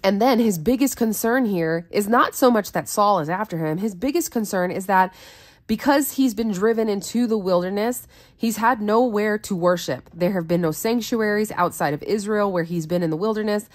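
A woman's voice: mid-range voice, normal speed. A woman who hosts a Bible study, reading scripture aloud and explaining it in an earnest, conversational way.

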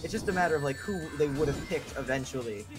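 A man's voice: a little high, lively intonation, fast. A young man chatting casually while racing through a video game, often trailing off and restarting his sentences. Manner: hesitant, many fillers and restarts. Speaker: gamer playing a speedrun race. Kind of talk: casual gaming chat. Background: game music.

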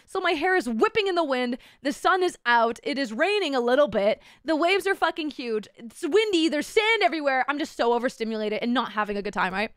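A woman's voice: high voice, animated, brisk, hardly any pauses, a bit bright, no room sound, clean studio sound. A young woman streaming as a VTuber, telling a story in casual chat, bubbly and giggly and swearing constantly.

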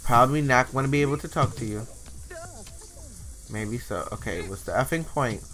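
A man commentating gameplay casually, animated and sassy, voicing the characters' thoughts with mock swearing into a desk microphone. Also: medium pitch, normal speed, pauses often. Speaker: let's play host. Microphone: desk USB microphone.

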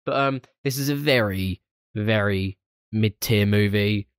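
A man's voice: lowish voice, a little slow, smooth, no room sound, studio quality. A man, co-hosting a casual film review podcast, swearing freely and laughing often. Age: 20s. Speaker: podcast co-host.

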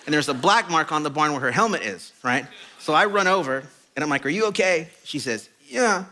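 Male pastor, middle-aged, bright forceful tone, slightly high voice, lively storytelling sermon. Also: a little fast. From Mexican heritage. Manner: animated, self-deprecating storytelling with laughs. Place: church auditorium.

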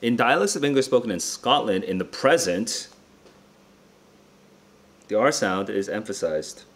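A man's voice: on the low side, expressive, unhurried. Tired young man muttering through test questions. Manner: muttering, self-checking, casual asides to viewers. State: tired and distracted. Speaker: SAT tutor. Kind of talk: thinking aloud while solving test questions. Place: his room.

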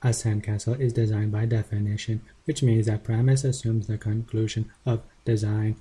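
A stiff, monotone robot voice delivers a male commenter's words, put on by a man. The tone is dark and husky, with no rise or fall in pitch. Every line comes out mechanical and even. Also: moderate pace. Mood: lecturing.

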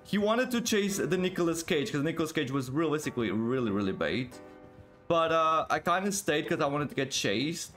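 A man giving excited live gameplay commentary, exclaiming often and repeating words in quick bursts. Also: a little high, faint music behind. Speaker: gaming video creator.

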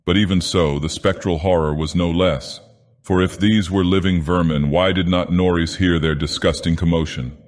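A man narrating an audiobook in character as an ancient, menacing male god-king villain from a fantasy game, speaking slowly and gravely. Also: low voice, steady tone, natural voice. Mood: ominous. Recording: long echoing reverb.

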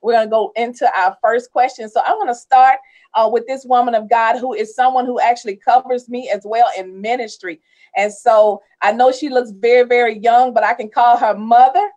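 A woman's voice: a little high, steady tone, normal speed, darkish tone. A woman hosting a ministry talk show, effusive and preachy, introducing guests with frequent amens. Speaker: host.

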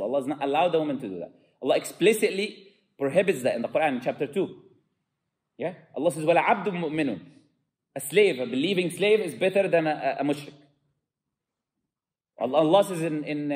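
A man's voice: on the high side, a little mellow. A man giving an impassioned mosque lecture as a preacher, fervent and peppered with Arabic phrases.

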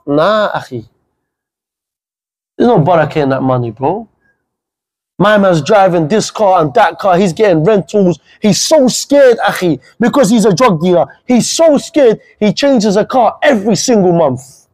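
A young man gives an impassioned religious talk to young people. He speaks bluntly and fiercely, with plenty of street slang. His voice sits noticeably high for a man. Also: big pitch swings, measured pace, darkish tone, low-quality recording. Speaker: guest speaker.

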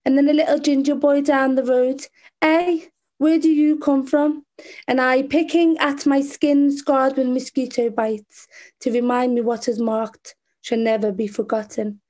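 A woman with a Scouse accent, a poet performing spoken-word poetry and then talking about it in an earnest, measured way. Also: sits high, fairly even intonation, darkish tone. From Liverpool, England.

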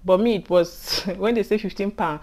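A young woman with a Nigerian accent telling a personal work story to camera in a casual, animated way, laughing often and acting out what others said. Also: medium pitch, moderate pace. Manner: animated, laughs often, acts out quoted speech. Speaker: healthcare assistant vlogger.

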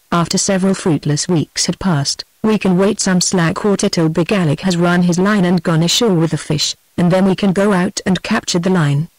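A text-to-speech woman's voice with a British English accent, reading an adventure novel aloud in an even, steady manner without character voices. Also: fairly low pitch, dry recording, poor audio. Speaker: audiobook narrator. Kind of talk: scripted narration.

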